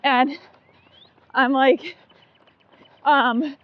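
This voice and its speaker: A woman's voice: high voice, fairly even intonation, very slow, no echo, muffled recording. A woman co-hosting a casual running podcast, chatty and giggly, full of likes and ums. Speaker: podcast co-host. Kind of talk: casual chat.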